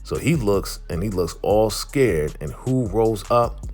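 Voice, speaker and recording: Man, very deep voice, casual vlog recap, streetwise chat, faint music behind. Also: lively intonation, takes it slowly, darkish tone. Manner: chatty, streetwise. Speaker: vlogger reviewing a TV episode.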